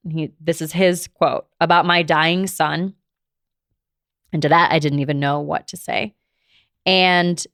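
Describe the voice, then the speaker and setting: A woman's voice: fairly low pitch, a bit bright, no room sound, clean studio sound. A woman in her thirties, a podcast host, telling a personal story in a confessional way, filling her speech with "like". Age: 30s. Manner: confessional, heavy use of "like".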